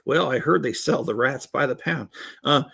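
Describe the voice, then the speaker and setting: A man's voice: mid-range voice, moderate pace, gravelly, a bit bright, husky. A man in his fifties hosting a casual live stream, chatting with viewers in a rambling, jokey way and chuckling often. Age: 50s. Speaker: host building LEGO sets while reading viewer chat.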